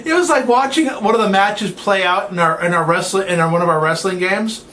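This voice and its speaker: A man's voice: high-pitched, a little fast, pushed and bright, slight background noise. A man co-hosting a casual wrestling review, joking around, laughing often and cutting in over his co-host. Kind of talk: casual chat.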